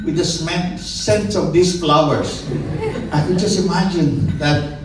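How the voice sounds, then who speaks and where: A middle-aged man with a Filipino accent giving a halting, joking, emotional father-of-the-bride speech at a wedding reception. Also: on the high side. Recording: echoey and distant, loud crowd noise.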